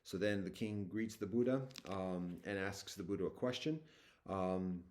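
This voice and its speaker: Guy with a kinda low voice reading scripture then explaining it super casual, lots of ums and restarts. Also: unhurried, a little mellow. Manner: alternates formal scripture reading with loose slangy retelling; hesitant, with many fillers and restarts. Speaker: teacher walking through a scripture.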